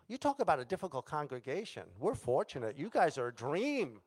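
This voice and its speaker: A man's voice: a little high, sing-song, a little fast, slightly rough. A male pastor preaching a sermon, telling a story dramatically and acting out the voices of the people in it.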